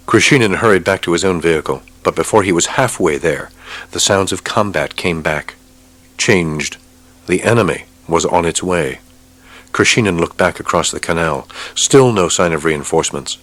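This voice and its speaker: A man narrating an audiobook with a steady, measured reading. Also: deep voice. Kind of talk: scripted narration.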